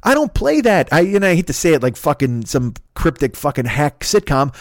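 A man's voice: on the high side, very animated, normal speed, few pauses, dry recording, studio quality. A man from Chicago hosting a podcast from home, delivering a profane, exasperated comedic solo rant. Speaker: podcast host. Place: his home.

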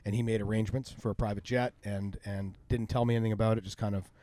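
A middle-aged man tells personal stories with a guest's candor, swearing freely. He talks fast, and his voice sits close and dry with no room around it. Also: lowish voice, little pitch movement, dark tone, no echo. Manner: candid and profane, acts out the people in his stories. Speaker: interview guest. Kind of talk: casual personal storytelling.

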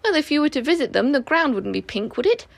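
A woman's voice: sits high, big pitch swings, fast talker, vocal fry, no echo, voice pushed up, full character voice. A woman voicing a cheerful, curious young boy in a storybook reading. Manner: cheerful and wondering.

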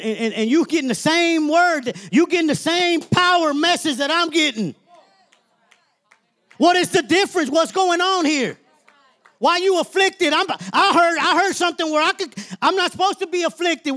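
High-voiced, emphatic male preacher. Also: moderate pace, sharp tone. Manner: emphatic, colloquial, repeats "Amen?" to the congregation. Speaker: minister. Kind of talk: sermon.

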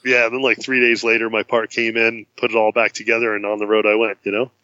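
A man casually telling a road-trip story in a chat, acting out the voices of the people he met with big jumps in pitch. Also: flat delivery, quick pace, pushed and bright, no echo, muffled recording. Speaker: guest.

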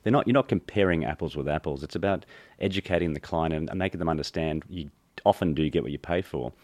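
Fast-talking deep-voiced lawyer. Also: male voice, a little mellow, no room sound. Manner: matter-of-fact, explaining. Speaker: lawyer, panel guest. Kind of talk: business discussion.

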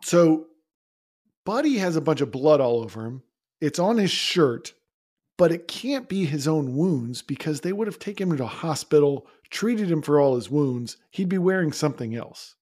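A man's voice: fairly high pitch, sing-song, moderate pace, a little mellow. A man co-hosting a podcast, talking through a film in a casual, opinionated way and laughing often. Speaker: podcast co-host. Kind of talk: casual movie discussion.

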